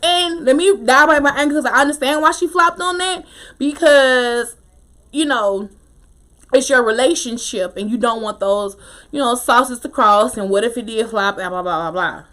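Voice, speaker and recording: A woman casually recapping a TV episode, opinionated and animated, with slangy talk and frequent laughter. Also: high voice, normal speed. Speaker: TV show recap host.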